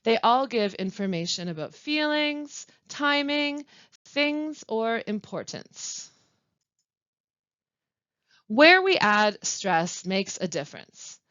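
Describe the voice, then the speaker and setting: A woman giving a scripted language lesson, reading carefully with marked stress and deliberate pauses. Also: on the high side, sing-song, a bit bright, smooth, no room sound. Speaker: language instructor. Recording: dull, slightly lo-fi dry recording.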